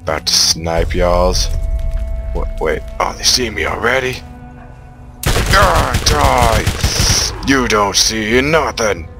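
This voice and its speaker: A man commentating on his own shooter gameplay, excitable and trash-talking the enemies. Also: lowish voice, a little slow, over loud music. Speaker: gamer playing a shooter. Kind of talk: let's play commentary.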